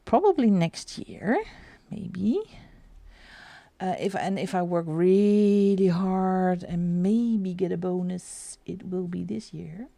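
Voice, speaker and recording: Slow, gravelly woman chatting casually. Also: on the low side, mellow, no echo. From Netherlands. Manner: chatty, rambling, answers chat, laughs often. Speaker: coloring livestream host. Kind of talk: casual live-stream chat.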